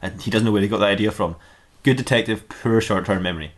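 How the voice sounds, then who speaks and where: A man's voice: on the low side, fast talker. A man casually reading and ad-libbing a comic fan-fiction story, rambling and laughing at his own jokes.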